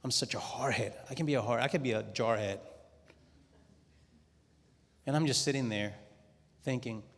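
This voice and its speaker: A middle-aged man giving a testimony talk to a conference audience, telling his story in a lively way and acting out his own quoted words. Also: mid-range voice, normal speed. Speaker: conference speaker. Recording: long hall reverb.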